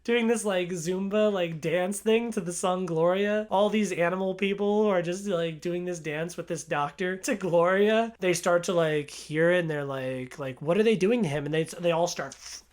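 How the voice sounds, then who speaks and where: Excitable young man gushing about a film. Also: sits high, moderate pace, few pauses. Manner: excitable, gushing, laughs often, heavy "like" filler. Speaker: film reviewer. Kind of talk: casual movie review.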